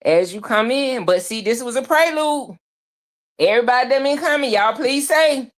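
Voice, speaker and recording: Woman streamer, higher voice, animated gossip host. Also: moderate pace. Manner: animated, greets viewers by name, swears freely. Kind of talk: casual live-stream gossip chat.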